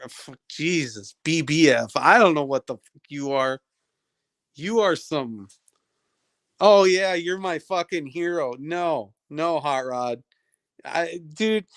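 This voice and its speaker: A man's voice: a little high, a bit bright, smooth, no room sound, studio quality. A young man on a livestream, ranting at a viewer in his chat, profane, combative and taunting.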